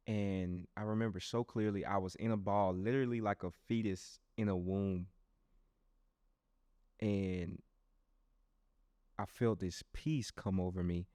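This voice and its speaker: A young man with a low voice tells his own story as a podcast host. His delivery is animated and loose, full of restarts, and he keeps turning to his listeners. The recording sounds close and dry, with no room around it. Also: a little slow, long pauses, dry recording. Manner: animated storyteller who talks straight to listeners; loose and conversational, with frequent restarts. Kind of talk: personal testimony monologue.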